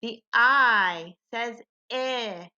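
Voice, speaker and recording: A woman teaching a phonics lesson to young children, slowly sounding out letters and sounds and asking them to echo her. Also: on the high side, pushed and bright, lo-fi sound.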